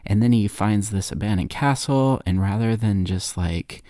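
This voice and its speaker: A man's voice: lowish voice, moderate pace, mellow, dry recording, studio quality. A man on a podcast giving a rambling, sarcastic comedic recap of a movie. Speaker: podcast co-host.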